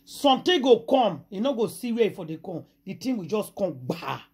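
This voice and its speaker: A woman with a Nigerian accent tells a juicy gossip story in a husky, breathy voice. She retells it dramatically, repeating her exclamations for effect. The tone stays casual, like a host chatting to her regular viewers. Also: medium pitch, big pitch swings, moderate pace, darkish tone.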